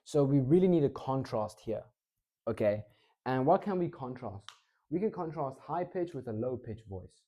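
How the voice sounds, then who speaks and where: A clip-on microphone captures a man giving laid-back public speaking instruction. He speaks low, sometimes fired up and sometimes unhurried.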